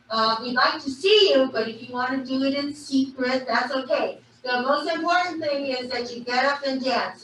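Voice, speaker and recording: A woman's voice: high-pitched, a bit bright. Upbeat woman emcee in an echoey hall. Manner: upbeat, chatty announcing. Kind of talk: emceeing a live dance event. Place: large temple hall. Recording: echoey hall from far off, noisy.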